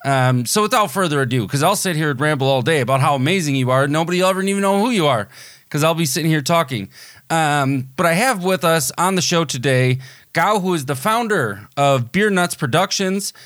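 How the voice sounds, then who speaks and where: A man's voice: a little high, animated, a little fast, a bit bright, no room sound, studio quality. An American man hosting a movie podcast, talking in a rambling, enthusiastic way with many fillers and restarts. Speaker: podcast host. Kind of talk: casual podcast interview.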